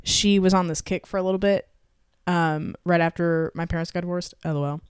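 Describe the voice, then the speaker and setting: A woman from Texas with a Texan accent, co-hosting a podcast and telling family stories in an animated, casual way with some swearing. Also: lowish voice, brisk, clear, resonant tone, no echo, clean studio sound. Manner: animated storytelling with swearing and laughter. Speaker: podcast co-host. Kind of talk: casual chat.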